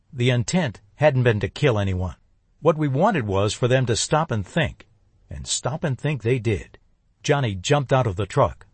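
A man narrating a first-person thriller audiobook in a measured, tense voice. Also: mid-range voice, husky, no room sound.

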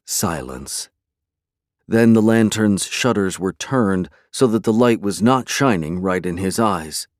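Low-voiced male audiobook narrator. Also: lively intonation, no echo, studio quality. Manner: measured, dramatic storytelling. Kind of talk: scripted narration.

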